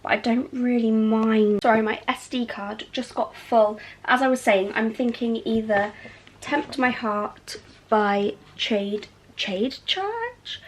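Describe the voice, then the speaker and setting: A woman's voice: on the high side, fairly even intonation, a little slow, a little hiss or hum. A young woman chatting casually about books in a reading vlog at home, gushing and full of fillers. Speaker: book vlogger.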